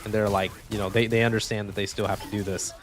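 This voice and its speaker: A man's voice: fairly low pitch, little pitch movement, quick pace, a little hiss or hum. A young man streaming a video game, chatting in a laid-back way with frequent swearing. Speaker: gaming streamer. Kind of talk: casual chat while streaming gameplay.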